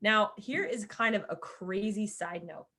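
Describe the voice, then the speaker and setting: A woman's voice: medium pitch, measured pace, pushed and bright. A woman teaching a screen-share tutorial, in a chatty way with casual asides, often calling her viewers "you guys.". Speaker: course creator teaching sales page design.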